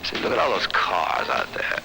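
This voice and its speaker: A man's voice: deep voice, sing-song, normal speed, vocal fry, music in the background, poor audio. A man narrating in a rambling, improvised, free-associating way with a loose rhythm.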